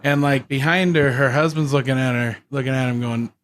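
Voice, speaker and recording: A man co-hosting a comedy podcast, telling long deadpan stories full of restarts and filler. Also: medium pitch, a little fast. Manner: rambling deadpan joke-telling with many restarts. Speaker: podcast co-host. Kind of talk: casual comedic banter.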